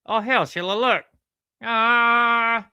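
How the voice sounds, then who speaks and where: Lady voicing a rowdy platypus puppet, crude jokes, bright and clear. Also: a little high, slow pace, no room sound, studio quality, voice pushed up. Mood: excited. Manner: teasing, rowdy, keeps saying Sheila. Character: cheeky male platypus puppet, crude joker.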